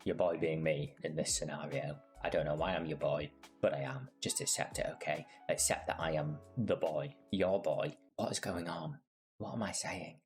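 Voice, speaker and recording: A man's voice: very deep voice, steady tone, moderate pace, soft background music. A man giving casual gameplay commentary as a gaming creator, playful, rambling and self-mocking.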